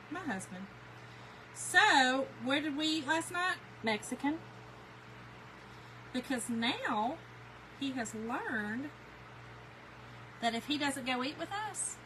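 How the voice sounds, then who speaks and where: A woman's voice: high voice, expressive, takes it slowly, pauses often, noisy background. A middle-aged woman from Kentucky with a Southern accent, chatting casually with a live audience and telling folksy stories. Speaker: crafting livestream host. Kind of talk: casual chat reading live comments.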